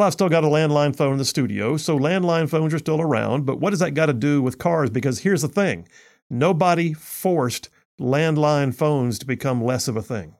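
A man with a mid-range voice and vocal fry hosts a talk radio show, reading news stories and then mocking them in a sarcastic, combative way.

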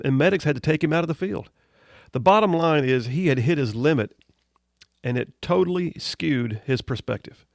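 Middle-aged guy, gravelly voice, dry close sound, earnest folksy storyteller. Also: mid-range voice, no room sound. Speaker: show host, military veteran. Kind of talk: storytelling commentary.

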